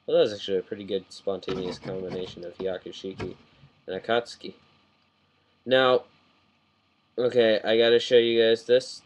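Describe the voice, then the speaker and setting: Excitable rambling man on a webcam. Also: medium pitch, poor audio. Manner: excitable, rambling, frequent self-corrections. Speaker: model kit reviewer. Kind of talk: casual rambling review. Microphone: webcam mic.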